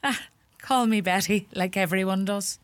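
An actress playing a middle-aged Irish farm mother, sharp-tongued and fussing, with an Irish accent. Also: mid-range voice, moderate pace, no room sound, natural voice. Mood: hospitable. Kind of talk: comedy sketch acting.

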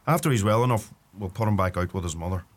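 A man's voice: fairly low pitch, expressive, fast, a little hiss or hum, natural voice. An actor playing a cheeky young Irish farm son who teases his uncle, with an Irish accent. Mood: polite. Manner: cheeky, teasing banter. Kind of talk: comedy sketch acting.

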